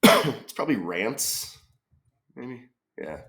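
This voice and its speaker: A man's voice: medium pitch, sing-song, slow pace, vocal fry, a bit bright. A man solving a crossword aloud, musing tentatively and often trailing off with questions. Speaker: crossword solver. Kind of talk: thinking-aloud puzzle solve.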